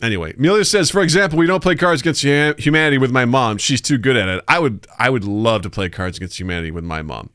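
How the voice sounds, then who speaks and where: Man, podcast co-host, animated storyteller, dry close sound. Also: mid-range voice, quick pace, hardly any pauses, smooth, no echo. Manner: animated storyteller, acts out voices, laughs often. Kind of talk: casual chat.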